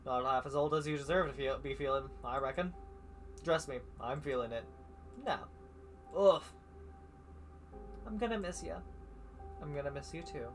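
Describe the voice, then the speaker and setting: A man's voice: on the high side, moderate pace, pauses often, soft background music. Man reading game dialogue aloud. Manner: reads all the dialogue and narration himself, with stumbles and asides. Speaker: streamer. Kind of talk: reading a visual novel aloud on a live stream.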